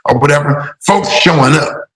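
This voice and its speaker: Bright-voiced radio co-host man, roomy. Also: fairly high pitch, moderate pace. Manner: loose, conversational, with fillers. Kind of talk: casual radio talk. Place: radio studio.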